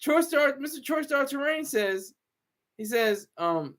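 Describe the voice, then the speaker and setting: High-voiced man rambling casually. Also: sing-song, unhurried, fairly bright tone. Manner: rambling, frequent restarts and laughs. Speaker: show regular.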